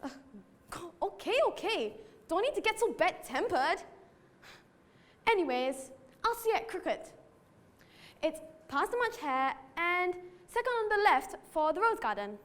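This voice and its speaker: A student actress performing the Cheshire Cat as a playful, riddling stage monologue in a hall. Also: female voice, extremely high pitch, big pitch swings, a little slow, pauses often, fairly bright tone, heavily acted. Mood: teasing. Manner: playful, teasing, theatrical. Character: sly riddling Cheshire Cat, grinning and teasing. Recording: reverberant hall.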